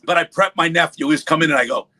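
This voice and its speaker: This man talks a little high and rapid-fire, and the audio quality is poor. He's a panelist on a livestream from home on the East Coast, telling stories in loose conversation. He animatedly acts out quotes and swears without holding back.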